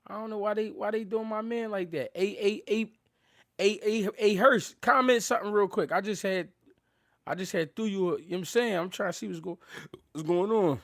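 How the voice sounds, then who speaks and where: A man's voice: high voice, brisk, fairly bright tone. A man hosting a boxing live stream, chatting casually in loose street slang, laughing and thanking viewers. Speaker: boxing livestream host.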